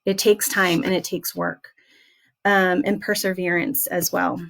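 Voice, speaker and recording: A young woman leading a class, talking earnestly and gently with many soft hesitations. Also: lowish voice, level tone, unhurried, creaky, noisy background. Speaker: essential oils class leader. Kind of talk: heartfelt motivational class talk.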